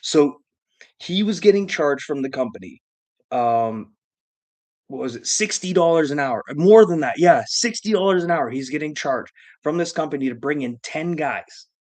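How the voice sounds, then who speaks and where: A man's voice: fairly high pitch, lively intonation, moderate pace, a little mellow. A man hosting a live stream who tells a long comedic story in a rambling, profane, emphatic way.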